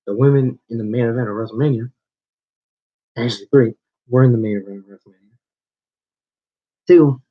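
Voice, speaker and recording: A man who owns a small wrestling channel, delivering a confrontational, rambling call-out to a rival with frequent restarts. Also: medium pitch. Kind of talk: call-out video rant. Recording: dull lo-fi recording.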